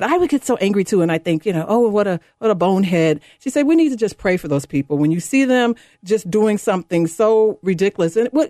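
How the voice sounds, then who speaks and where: A woman in her fifties hosting a talk radio show, delivering a fired-up, sarcastic monologue that climbs high when she gets indignant. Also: a little mellow, no room sound, clean studio sound. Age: 50s. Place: radio studio. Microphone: studio microphone.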